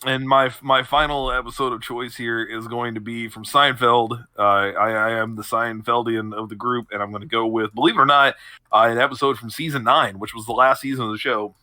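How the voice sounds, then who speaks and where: Young guy on a podcast, super bright voice, dry close sound, retelling tv bits with laughs. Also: mid-range voice, fairly quick, no echo. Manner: animated storyteller, laughs often mid-sentence. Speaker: podcast co-host. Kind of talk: casual chat, recapping TV episodes.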